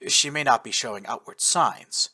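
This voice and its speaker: A man voicing a calm, formal male soldier who speaks in a measured, grave way. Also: mid-range voice, slightly rough.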